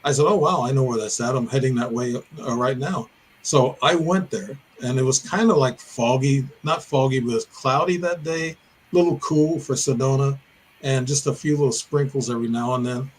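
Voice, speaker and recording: On a low-quality recording with a little hiss or hum, an older man from Illinois speaks at normal speed in a mid-range voice. As a podcast guest he tells a winding, detailed story of a personal encounter, pausing to correct himself.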